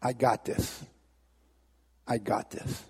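A man voicing Jesus as a calm, assured male figure who speaks softly in a sermon story. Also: medium pitch, normal speed, slightly rough, big-room sound, voice pushed down.

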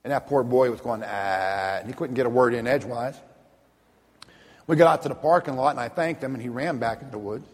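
A man's voice: medium pitch, fairly quick, slightly rough, big-room sound. A middle-aged man giving an earnest, plainspoken personal testimony, sometimes repeating words when moved. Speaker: speaker telling a personal testimony.

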